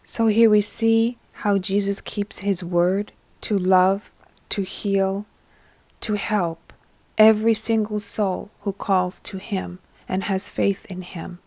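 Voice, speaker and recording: Woman reading a devotional story, slow n steady, mid pitch, dry close sound. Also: creaky, dry recording. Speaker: narrator. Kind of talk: scripted devotional narration.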